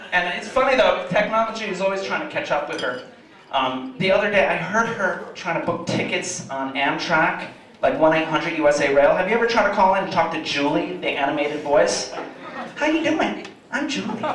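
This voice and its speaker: A young man performing a stand-up comedy set in a club, animated storyteller. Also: fairly high pitch, brisk. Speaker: stand-up comic. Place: comedy club in front of a live audience. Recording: echoey club, mic from a distance, audience laughing.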